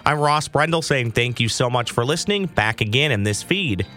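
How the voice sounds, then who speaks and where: A man hosting a sports podcast in a friendly, conversational way, a little husky with morning voice. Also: mid-range voice, lively intonation, moderate pace, music in the background. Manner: friendly, conversational, upbeat sign-off. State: slight morning voice. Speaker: podcast host. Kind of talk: casual sports podcast chat.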